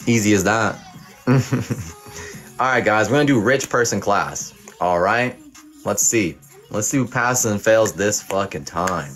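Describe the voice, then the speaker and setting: A man's voice: fairly low pitch, lively intonation, unhurried, a bit bright, faint music behind. A young man hosting a livestream, playing a mock teacher who reads chat and hands out teasing, profane pass-or-fail verdicts. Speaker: livestream host. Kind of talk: playful mock teacher reading live chat.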